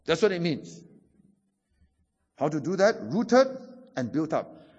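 Middle-aged pastor preaching, high voice, repeats stuff for emphasis, dull lo-fi sound, big hall echo. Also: male voice, takes it slowly, breathy edge. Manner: animated preaching, repeats key phrases for emphasis. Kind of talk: sermon.

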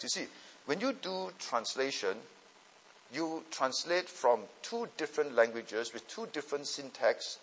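This man speaks at a medium pitch with a breathy edge. He's a pastor and Bible teacher fielding student questions in a teaching session, explaining things and often asking whether listeners are following. The recording carries a long hall reverb.

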